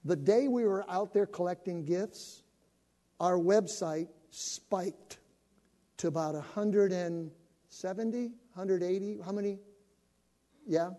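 An older male pastor making an animated appeal to his congregation, building up to shouting. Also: high voice. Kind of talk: sermon announcement to a congregation. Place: church sanctuary. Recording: long reverb of a church hall.

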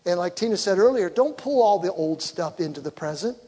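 A man's voice: high-pitched, lively intonation, a little fast, warm tone, husky. A man, a pastor, giving a conversational sermon in church and acting out quoted voices. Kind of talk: sermon on communication. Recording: long reverb of a hall.

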